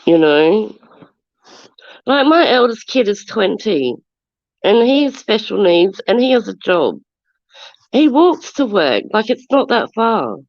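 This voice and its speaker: A mid-range, sing-song voice comes from an Australian woman in her forties who has a stuffy nose from a cold. Taking it slowly with frequent pauses, she rants defensively on a casual live stream and greets viewers, with dull lo-fi audio and no echo.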